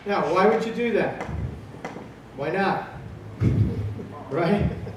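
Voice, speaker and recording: This man in his fifties draws out his words while giving a live drum clinic in a large convention hall. He fires questions at the crowd and answers them himself, his voice high for a man and captured at a distance amid heavy echo and clear background noise.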